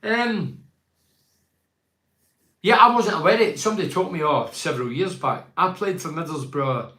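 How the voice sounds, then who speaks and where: Man, 60s, football pundit, rambling chatty delivery, slightly high voice, echoey room. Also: moderate pace, sharp tone. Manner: rambling, chatty storytelling with frequent restarts. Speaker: football pundit and show host. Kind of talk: casual live chat reading viewer comments. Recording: roomy echo.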